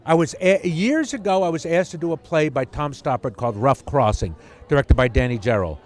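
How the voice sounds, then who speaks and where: A male actor giving a red-carpet interview, wry and rambling with halting restarts. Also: a little high, expressive, darkish tone. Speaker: actor and board member.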